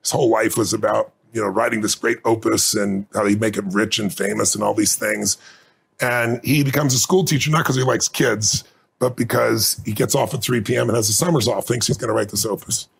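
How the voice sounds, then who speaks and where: A man's voice: fairly low pitch, fairly even intonation, fairly quick, gravelly, husky. A middle-aged man, a guest in an interview, telling stories earnestly and intensely and choking up with emotion. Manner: earnest, intense, gets choked up. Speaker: guest speaker.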